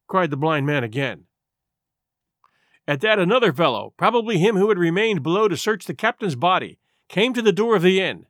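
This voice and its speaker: A man narrating an adventure audiobook in a dramatic, expressive storytelling manner. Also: a little high, moderate pace, no echo, clean studio sound.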